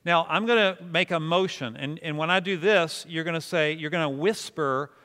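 A man with a sharp, high-leaning voice and normal speed preaches to a congregation, teaching prayer. The pastor's manner is conversational and self-deprecating as he invites the room to echo his words, and a long hall reverb surrounds him.

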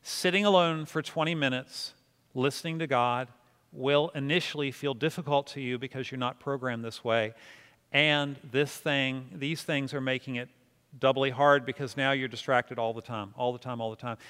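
A man's voice: medium pitch, fairly even intonation, normal speed, fairly bright tone, clear, resonant tone. A man preaching to a congregation, teaching prayer in a casual, self-deprecating way and inviting the room to repeat words with him. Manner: conversational, self-deprecating, leads congregation in responses. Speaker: pastor. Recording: long reverb of a hall.

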